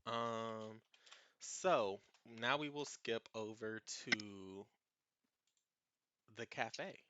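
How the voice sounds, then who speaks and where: A man's voice: on the low side, very slow, bright, forceful tone, highs cut off, slight background noise. A man narrating a tabletop game as its game master, easygoing and often laughing.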